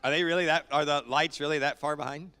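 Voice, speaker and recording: A man's voice: fairly high pitch, steady tone, fast talker, bright, forceful tone, smooth. Joking, chatty pastor man. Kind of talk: casual church service welcome. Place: church sanctuary.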